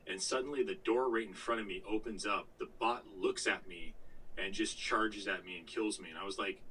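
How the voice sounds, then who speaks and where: Guy rambling about a game on a podcast, kinda low voice, faint hiss behind, mic a bit far. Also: normal speed, bright, forceful tone. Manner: rambling storyteller with frequent fillers and swearing. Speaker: podcast co-host. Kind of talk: casual gaming chat.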